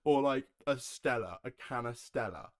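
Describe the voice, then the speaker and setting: A young man from Herefordshire, England, hosts a solo podcast on a home recording setup, keeping things casual and jokey while swearing and laughing often. His voice is medium-pitched with lively intonation and a normal speed. The sound is clean and studio-like, with no room sound.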